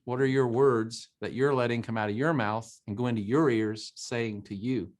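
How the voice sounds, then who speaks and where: A man's voice: mid-range voice, steady tone, normal speed. A man co-hosting a motivational talk show, speaking emphatically, quoting scripture and repeating phrases for emphasis. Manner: emphatic, preachy, quotes scripture.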